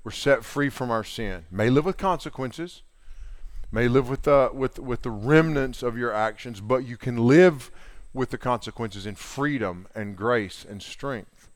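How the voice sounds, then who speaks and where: Earnest preacher, dry sound. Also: male voice, mid-range voice, unhurried, dry recording. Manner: casual and earnest, retelling scripture in everyday talk with slang and fillers. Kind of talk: conversational sermon.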